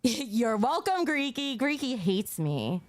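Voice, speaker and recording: A woman's voice: fairly high pitch, very animated, slow pace. A woman hosting a casual home livestream, chatting with viewers and her cats, sometimes out of breath. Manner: chatty, reads donations aloud, talks to her cats. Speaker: livestream host.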